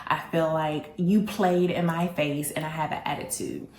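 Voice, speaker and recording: A woman tells her dating stories with sass and humor, talking straight to her viewers. Her voice sits a little low. The room echoes around her, and a faint hiss runs underneath. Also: normal speed. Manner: animated, sassy, humorous, addresses viewers directly. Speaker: vlogger telling dating stories. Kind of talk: candid storytelling.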